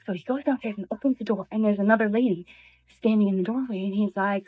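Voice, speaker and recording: A woman's voice: mid-range voice, fast, husky. Chatty woman telling a story, tinny sound. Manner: chatty, acts out the people in her story. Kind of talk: casual storytelling on social media. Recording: tinny phone-like clip audio.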